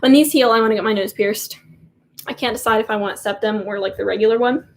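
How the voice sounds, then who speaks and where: Giggly teenage girl chatting live, higher voice. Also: fast. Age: teens. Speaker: livestream host. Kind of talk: casual live Q&A chat.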